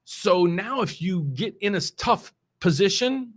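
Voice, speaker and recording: Speaking a little slowly, he has a high-pitched, expressive voice. He's a middle-aged mortgage loan officer from West Virginia who hosts a show, giving casual, unscripted market commentary. The talk rambles loosely, with lots of restarts and heavy stress on key words.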